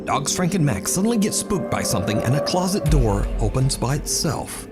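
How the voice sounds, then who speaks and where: Man narrating spooky clips over music. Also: a little high. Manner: steady, measured storytelling delivery. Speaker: narrator of a countdown video. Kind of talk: scripted narration.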